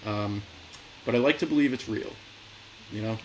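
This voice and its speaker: A man's voice: lowish voice, moderate pace, a little mellow, a little hiss or hum, low-quality recording. A man co-hosting a podcast in casual chat, retelling things with a lot of laughter. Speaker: podcast co-host.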